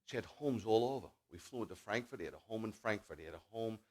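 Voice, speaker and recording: Guy preaching at a shabbat service, jokey storyteller, booms then drops way down low. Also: fast talker. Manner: animated, swings from loud declaring to near-murmured asides; folksy, joking, talks straight to the congregation. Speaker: congregation leader preaching. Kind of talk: sermon with personal storytelling.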